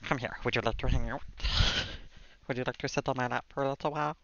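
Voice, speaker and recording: A man's voice: mid-range voice, fairly even intonation, fast, creaky, fairly bright tone, no room sound, voice pushed up. A man voicing a mischievous small male alien creature while cooing at a cat. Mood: playful. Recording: dull dry sound.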